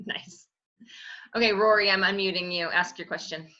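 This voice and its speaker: Woman host of a web Q&A, crisp and bright, short prompts, muffled lo-fi call audio. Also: medium pitch, steady tone, measured pace. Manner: brief prompts and call-outs. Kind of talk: moderating an online Q&A. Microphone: video call.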